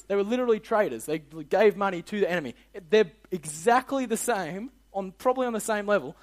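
A young Australian man leading a kids' Bible lesson with a high, bouncy voice. He talks in energetic slang and keeps firing questions at the group. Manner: energetic, slangy, quizzes the audience. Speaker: youth leader.

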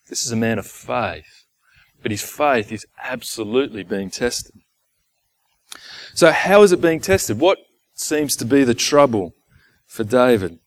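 A man preaching a sermon in an earnest way. He asks rhetorical questions, repeats key phrases and sometimes drops to a quiet, intimate tone. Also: medium pitch, animated, measured pace, long pauses.

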